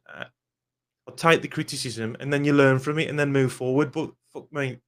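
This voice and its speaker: A man's voice: medium pitch, fairly even intonation, normal speed. A young man, ranting angrily and swearing bluntly in a football fan vlog. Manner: angry, swears often, blunt.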